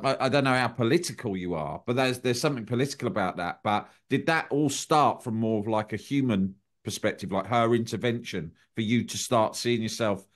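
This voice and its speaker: A man hosting a podcast interview, asking reflective questions with hesitant, searching phrasing. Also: mid-range voice. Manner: thoughtful, hesitant phrasing with restarts. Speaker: podcast host.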